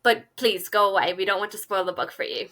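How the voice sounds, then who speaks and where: Bright-toned upbeat woman podcast host. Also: medium pitch, quick pace. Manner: upbeat, jokey. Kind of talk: casual podcast hosting. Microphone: video call with webcam.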